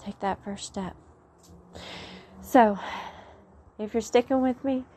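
Woman, unhurried earnest vlog testimony, preachy and rambling. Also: fairly high pitch, mellow, a little hiss or hum. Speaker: vlogger sharing faith message. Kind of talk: heartfelt spoken testimony. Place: outdoors.

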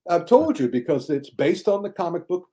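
An older man talking casually as a podcast guest, lively, often mimicking others in high mocking voices. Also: moderate pace. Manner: animated, mocks critics in high shouted voices. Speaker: guest film critic.

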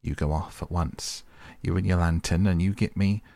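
A man's voice: low-pitched, fairly even intonation, vocal fry, warm tone, no room sound. A man doing a masterful, hearty water rat. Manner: brisk, commanding, hearty.

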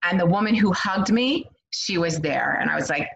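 A middle-aged woman, a guest on a podcast, tells her story in a candid, animated way with lots of "um" and "like". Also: fairly low pitch, moderate pace, creaky. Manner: candid, animated, frequent fillers like "um" and "like". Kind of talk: conversational storytelling. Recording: dull lo-fi sound.

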